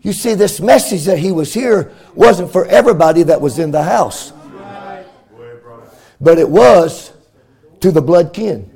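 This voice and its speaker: A middle-aged pastor, preaching a fervent sermon in a sing-song cadence that swells into shouts. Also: male voice, on the high side, expressive, measured pace, vocal fry, long pauses.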